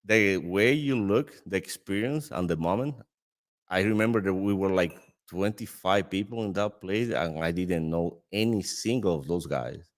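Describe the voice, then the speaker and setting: A man from the Dominican Republic with a Dominican Spanish accent, a native Spanish speaker in the cigar trade. He tells an anecdote in casual conversation in a lively way, laughing often and restarting his sentences. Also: low-pitched, moderate pace. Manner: animated storyteller with frequent laughter and restarts. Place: cigar lounge.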